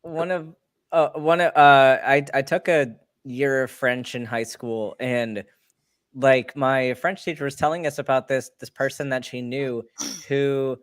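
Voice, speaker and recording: Colorado guy, voice actor, rambling thoughtfully on a call, mid pitch, dry mic. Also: steady tone, measured pace, clear, resonant tone, no echo. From Colorado, USA. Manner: thinking aloud, many "like" fillers. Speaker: voice actor guest. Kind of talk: casual group chat.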